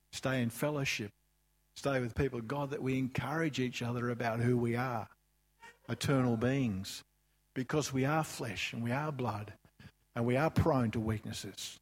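A man's voice: medium pitch, moderate pace. A man preaching a sermon, telling a story loosely with asides and then rising to fervent emphasis. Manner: loose and chatty, with asides and restarts.

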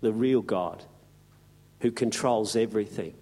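A man's voice: on the low side, a little slow, warm tone, pitched below the performer's own voice. A man voicing a sulky, resigned runaway prophet who grumbles about his lot.

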